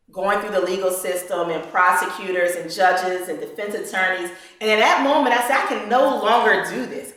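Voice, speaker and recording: A woman's voice: medium pitch, fairly bright tone. A woman, telling a personal story to a gathering in an earnest, present-tense storytelling way. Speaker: invited speaker. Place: meeting hall. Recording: echoey hall from far off.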